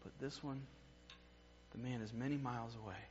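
A man preaches a sermon in an earnest, heartfelt way, his voice at a middle pitch. He moves from emphatic lines down to hushed, quiet passages. The recording is a little muffled, with a faint hum behind him. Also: fairly even intonation, normal speed.

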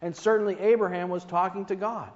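A man's voice: high voice, steady tone, fairly quick, a little mellow. A man preaching a sermon in a conversational way, with rhetorical asides to the congregation. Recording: dull reverberant hall recording.

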